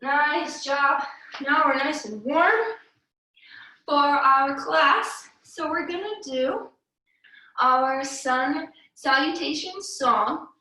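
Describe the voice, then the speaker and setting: Young female kids' yoga teacher, upbeat and encouraging, unhurried delivery; heavy room echo. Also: high voice, bright, forceful tone. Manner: upbeat and encouraging, with sung cues and playful animal sounds. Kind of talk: guiding a children's yoga class. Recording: echoey room, voice from a distance.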